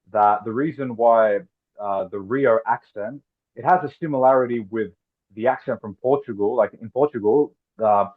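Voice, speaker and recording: A man interviewing in casual conversation, chatty and explaining things with amused asides. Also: fairly low pitch. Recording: phone-like narrow sound.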